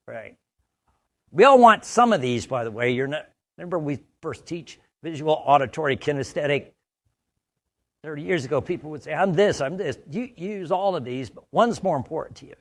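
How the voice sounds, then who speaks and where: A man from the United States giving a conversational training talk, full of stories and frequent "right?" checks. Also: medium pitch. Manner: anecdotal, conversational, asks "right?" often. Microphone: studio mic.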